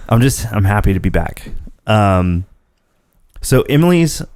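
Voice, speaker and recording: A man's voice: lowish voice, very animated, slow, darkish tone, a little hiss or hum. A man hosting a casual podcast, telling rambling stories and laughing often. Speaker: podcast host. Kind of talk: casual chat.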